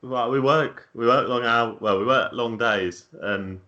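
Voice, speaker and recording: A man's voice: mid-range voice, measured pace, sharp tone, highs cut off. A man co-hosting a football podcast, chatting casually with short, easygoing replies. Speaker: podcast co-host. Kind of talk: casual chat.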